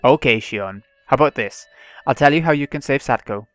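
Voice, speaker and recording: A man's voice: medium pitch, fairly quick, a bit bright, no echo, soft background music, lightly acted. A man reading the lines of a vengeful teenage girl tormenting her captive, in a cold, mocking manner, in his own voice. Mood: taunting.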